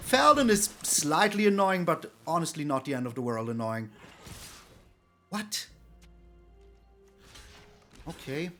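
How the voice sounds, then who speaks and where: A man hosting a card game channel, giving excited, playful commentary while he plays, taunting his opponent and thanking viewers. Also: fairly high pitch, slow, long pauses, faint music behind. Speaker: game streamer and channel host.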